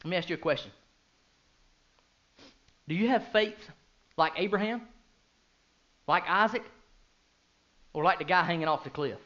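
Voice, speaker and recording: In lo-fi sound, a man in his thirties delivers a sermon that climbs from quiet, low talk to loud, fervent bursts. He asks his congregation many rhetorical questions.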